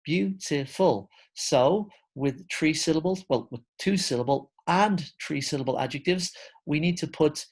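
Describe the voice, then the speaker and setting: Male English teacher, online grammar lesson; relaxed, step-by-step explainer, friendly "guys" address. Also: a little high, unhurried, husky.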